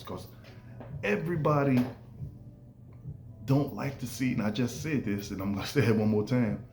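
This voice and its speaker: Guy with doing a podcast rant, super animated, roomy echo. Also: mid-range voice, normal speed, long pauses. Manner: animated, acts out quoted voices. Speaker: podcast host. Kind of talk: casual podcast monologue. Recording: echoey room with faint ambience.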